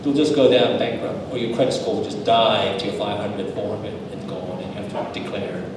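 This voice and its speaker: A man's voice: fairly low pitch, steady tone, brisk, heavy background noise. A man, a pastor, giving a seminar talk told through stories, earnest and building to emphatic repeated lists. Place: church hall. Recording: echoey hall, voice from far off.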